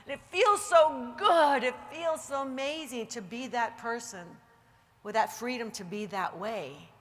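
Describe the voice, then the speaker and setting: A woman giving an emphatic motivational talk to a live audience, later guiding a slow, soothing relaxation exercise. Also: on the high side, fairly bright tone, big-room sound, slight background noise. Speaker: motivational speaker leading a guided meditation. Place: large hall with an audience.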